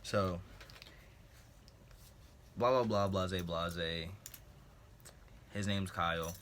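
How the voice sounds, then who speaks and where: Low-voiced young man telling a story. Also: extremely slow, slight background noise. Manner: animated storytelling, acting out quotes. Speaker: vlogger. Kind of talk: casual storytime vlog.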